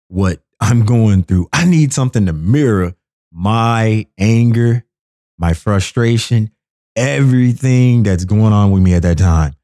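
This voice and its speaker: Low-voiced guy riffing on his show, slow and bouncy, dry close sound. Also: no echo. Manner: animated, repetitive riffs, acts out quotes in high voices. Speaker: podcast host. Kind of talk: casual comedic monologue.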